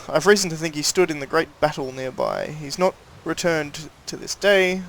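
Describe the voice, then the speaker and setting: A man's voice: on the high side, big pitch swings, normal speed, creaky, fairly bright tone, heavily acted. A man reading a notice aloud as an earnest villager in old-fashioned, archaic speech.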